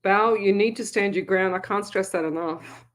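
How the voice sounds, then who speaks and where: A woman's voice: medium pitch, moderate pace. A woman hosting a live psychic radio show, chatting casually and reading viewers' comments aloud. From Australia. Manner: eats while talking. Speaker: psychic medium radio host.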